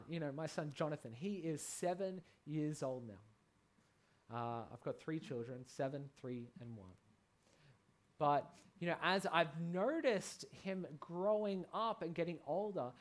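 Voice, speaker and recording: A man in his thirties preaching a sermon, earnest and conversational, with many fillers and emphatic peaks. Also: fairly high pitch.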